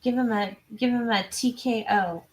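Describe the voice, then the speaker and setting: A woman hosting a true crime livestream, chatty and self-interrupting, reading viewer comments and adding quick asides. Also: fairly high pitch. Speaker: true crime channel host. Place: home.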